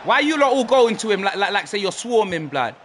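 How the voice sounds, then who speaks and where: A young man, reacting loudly to a football video game he is playing, swinging from low muttering to shouting. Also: very animated, a little fast, a little hiss or hum. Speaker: gaming streamer. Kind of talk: reactive gameplay commentary.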